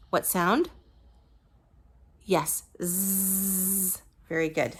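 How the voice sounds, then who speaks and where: With a fairly low-pitched voice, a woman teaches young children a phonics lesson. She patiently models each letter sound and praises the listener.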